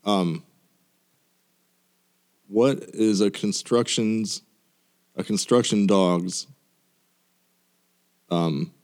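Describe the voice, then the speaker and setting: A man co-hosting a casual chat, telling deadpan jokes and laughing loudly. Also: fairly low pitch, drawn-out words, pauses often. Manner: jokey, deadpan punchlines, big laughs.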